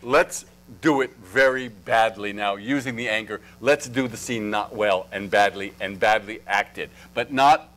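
A man's voice: on the low side, a little slow, a bit bright, rough recording. A man coaching actors in a live acting workshop, playful, coaxing and freely profane as he talks to performers and the audience. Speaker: acting teacher.

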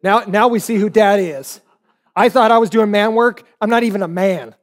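Pastor, man in his forties, high voice, animated storytelling sermon. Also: normal speed.

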